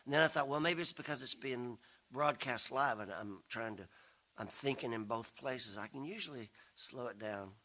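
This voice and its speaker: Bright-voiced older man telling stories. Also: mid-range voice, moderate pace. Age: 60s. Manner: rambling, self-deprecating humor, acts out quoted voices. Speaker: guest speaker and folk singer. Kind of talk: storytelling talk to a congregation. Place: spiritual center, broadcast live.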